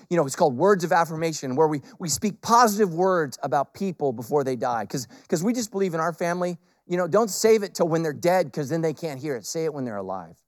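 A middle-aged man preaching a sermon as a pastor, swinging between loud emphatic peaks and quiet intimate lines and repeating phrases for emphasis. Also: a little high, dry recording, clean studio sound.

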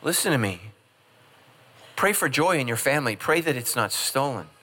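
A man's voice: mid-range voice, very animated, moderate pace, sharp tone. A middle-aged man preaching a humorous sermon as pastor, joking and acting out quoted voices. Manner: jokey, acts out quoted voices.

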